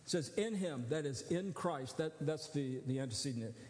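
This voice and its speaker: Male pastor, high voice, conversational teaching sermon, long hall reverb. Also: expressive, normal speed, a little mellow. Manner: conversational teaching, asks listeners to follow along.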